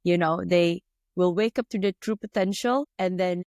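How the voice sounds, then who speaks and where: A woman's voice: on the low side, normal speed, a little mellow, no echo, clean studio sound. A woman hosting a podcast, wrapping up an interview with effusive praise and an inspirational sign-off. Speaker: podcast host.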